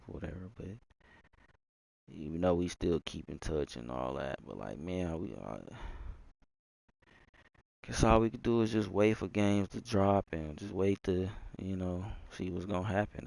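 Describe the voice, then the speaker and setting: A man's voice: low voice, gravelly, no echo. A young man from Texas, rambling casually into his mic with lots of fillers, sighs and swearing. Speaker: gamer streamer.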